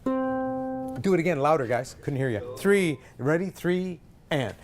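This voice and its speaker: A man's voice: fairly high pitch, animated, unhurried, music in the background. A man leading a choir rehearsal, counting in and singing short examples with energy. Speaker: choir director. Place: rehearsal room.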